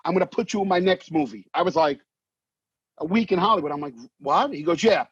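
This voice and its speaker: A male actor guest with a husky, somewhat high voice tells stories at a fairly quick clip in a casual interview. He's animated, swears, and acts out the voices in his anecdotes. The recording is dry and dull, with a muffled sound and no room ambience.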